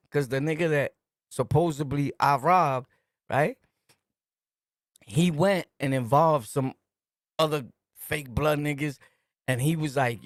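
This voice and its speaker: A man's voice: a little high, slow pace, long pauses, dry recording, clean studio sound. A middle-aged man from Brooklyn with a New York accent, hosting a podcast and telling street stories in emphatic slang, laughing often. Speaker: podcast host. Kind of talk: casual storytelling monologue.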